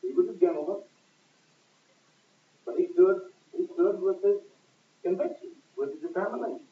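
A high-voiced man preaches a sermon, hammering each point with sudden bursts of volume and dropping low between them. The recording is thin and phone-like, and his voice echoes as if captured from across a large room. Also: moderate pace. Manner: emphatic, rising and falling with sudden loud stresses. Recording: echoey, distant, tinny lo-fi recording.

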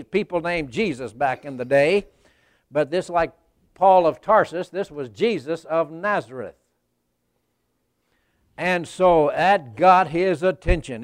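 Smooth-voiced male preacher telling a story. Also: fairly high pitch, dry recording. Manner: folksy storytelling, talks right to the congregation, rises to loud emphasis. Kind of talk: sermon.

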